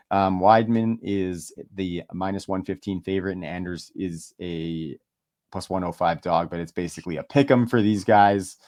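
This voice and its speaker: Low-voiced man talking fight picks. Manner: relaxed, joking, thinks aloud with fillers. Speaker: podcast co-host. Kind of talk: casual sports chat.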